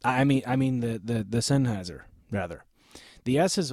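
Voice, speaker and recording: Brief: deep-voiced man, gear reviewer, blunt and opinionated, close studio mic, very dry sound. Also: normal speed, darkish tone, dry recording. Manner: blunt and opinionated, with frequent "okay?" check-ins. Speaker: microphone reviewer. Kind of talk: casual gear review vlog. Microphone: close studio microphone.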